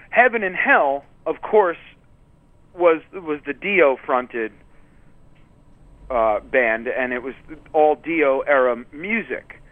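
A touring musician guest telling rambling stories in a casual interview, full of fillers and restarts. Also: male voice, mid-range voice, no echo. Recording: tinny phone-line audio.

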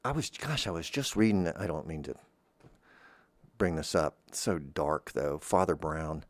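His voice rumbling low and unhurried, with no echo, a man hosts a podcast. He meanders through a comedic monologue, frequently losing his thread and starting over while poking fun at himself.

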